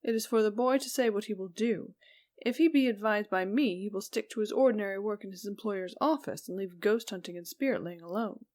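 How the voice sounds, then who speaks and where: A woman's voice: medium pitch, fairly quick, a little mellow. Woman narrating a Victorian ghost story. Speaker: audiobook narrator.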